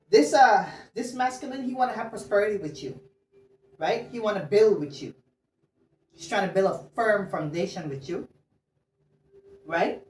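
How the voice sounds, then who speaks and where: A woman giving a casual love reading as a tarot reader, chatty and blunt, slangy, swearing and laughing as she talks. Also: mid-range voice. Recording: roomy sound, distant mic, faint noise.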